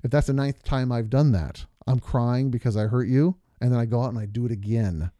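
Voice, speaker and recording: A man's voice: mid-range voice, fairly even intonation, a little fast, mellow, no echo, clean studio sound. A man co-hosting a podcast with his wife, talking earnestly through long examples and stories. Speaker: podcast co-host. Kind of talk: casual podcast conversation.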